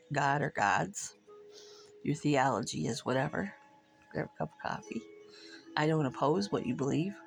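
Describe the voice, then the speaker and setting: Middle-aged vlogger, gravelly, blunt, swears freely, faint music underneath. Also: mid-range voice. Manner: blunt, profane, frank; rambling, chatty, laughs between thoughts. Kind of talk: casual talk to camera over coffee.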